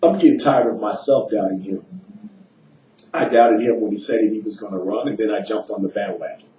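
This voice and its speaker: A man's voice: on the low side, fairly quick, dark tone. Emphatic male talk radio host, roomy and distant. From eastern United States. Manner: emphatic, rambling, with filler "uh"s and restarts. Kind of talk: political talk monologue. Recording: roomy, distant, dull, slightly noisy.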